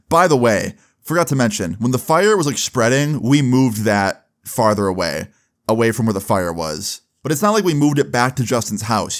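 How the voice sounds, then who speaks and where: A young man telling a personal story in a casual, profane style, full of fillers. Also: medium pitch. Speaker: vlogger. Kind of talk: storytime vlog.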